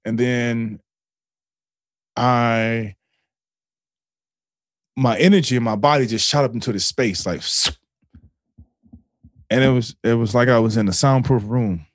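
A man's voice: mid-range voice, a little slow, pauses often, no echo. Guy on a podcast telling a heavy personal story, earnest, swears a lot, lots of "like" and "you know", dry close sound. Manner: earnest, emotional and profane, with many restarts and fillers. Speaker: podcast guest.

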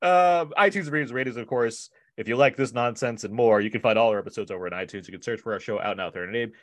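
A man's voice: medium pitch, fast talker, no room sound. A man co-hosting a podcast in casual chat, jokey and loose, often laughing. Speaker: podcast co-host.

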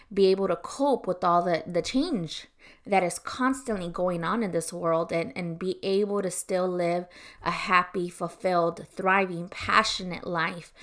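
A woman's voice: on the low side, fairly bright tone. A woman hosting a Christian podcast, speaking earnestly and encouragingly in a conversational way, with many casual fillers. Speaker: podcast host. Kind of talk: faith-based podcast devotional talk.

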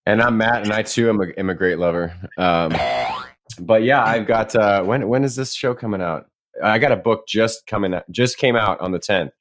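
A man's voice: lowish voice, moderate pace, no echo. A man co-hosting a podcast in casual chat, irreverent and jokey, swearing freely. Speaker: podcast co-host.

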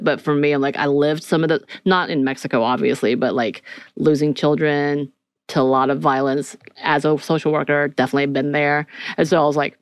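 A woman's voice: low-pitched, steady tone, a little fast, creaky, dry recording. A woman co-hosting a podcast, talking in a rambling, candid way with many likes and ums. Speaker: podcast co-host. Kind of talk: casual podcast chat.

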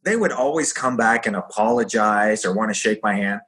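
Middle-aged ex-fighter guest, bright edge to the voice, animated storyteller doing quoted voices. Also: male voice, on the low side, brisk. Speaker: guest, former pro fighter. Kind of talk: casual storytelling.

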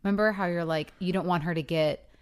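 A woman co-hosting a casual podcast, bringing up a topic in a quick, chatty way. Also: lowish voice, fairly even intonation, clear, resonant tone. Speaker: podcast co-host.

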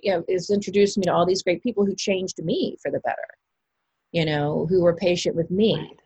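A woman with a low, gravelly, slightly husky voice talks through an interview in a loose, rambling way, full of fillers and restarts. The sound is dry and close. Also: steady tone, a little fast, darkish tone, no room sound, dull audio. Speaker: actress guest. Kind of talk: casual interview chat.

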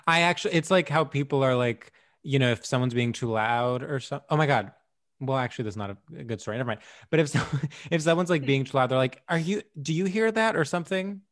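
A man co-hosting a podcast in casual chat, rambling and joking and quick to laugh. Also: medium pitch, fairly bright tone. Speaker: podcast co-host.

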